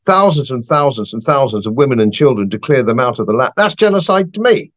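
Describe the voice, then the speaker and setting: A man's voice: medium pitch, big pitch swings, brisk. An older man, a podcast guest giving blunt, emphatic political opinions and repeating phrases for stress.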